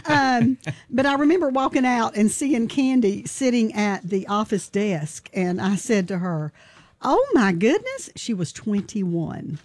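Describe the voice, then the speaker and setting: A woman's voice: medium pitch, a little slow, darkish tone, no echo. A woman hosting a radio show in a studio, chatting in a folksy way and laughing easily. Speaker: radio host. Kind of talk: casual on-air chat.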